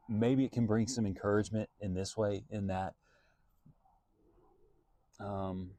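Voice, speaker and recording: A man's voice: on the low side, warm tone, no room sound. A man, a Christian singer-songwriter, giving an earnest, reflective devotional talk and thinking aloud as he goes.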